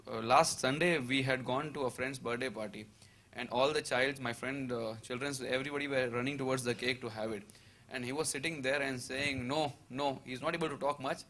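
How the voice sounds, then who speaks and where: Male, 30s, testimony speaker, bright tone, hesitant with lots of fillers. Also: medium pitch. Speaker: seminar attendee giving a testimony. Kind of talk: personal testimony.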